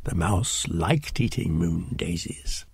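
A man reading a children's storybook aloud, slow and expressive. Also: creaky, husky, dry recording, clean studio sound. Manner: slow, expressive read-aloud with lively pitch.

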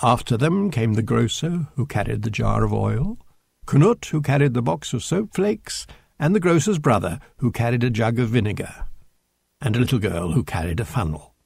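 A man reading a children's storybook aloud, slow and expressive. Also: vocal fry, slightly rough, dry recording, clean studio sound. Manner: slow, expressive read-aloud with lively pitch.

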